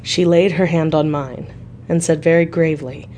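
A woman narrating a classic novel for a radio reading service, reading in a clear, even, unhurried way. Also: sits low, slight background noise. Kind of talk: audiobook narration.

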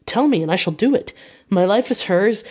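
A woman's voice: mid-range voice, lively intonation, moderate pace, darkish tone, breathy edge. Anxious young gent read by a woman, eager earnest, audiobook. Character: anxious devoted young gentleman.

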